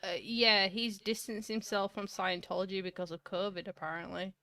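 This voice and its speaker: A woman's voice: medium pitch, level tone, normal speed, sharp tone. A woman co-hosting a casual chat, teasing and laughing often. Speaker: co-host.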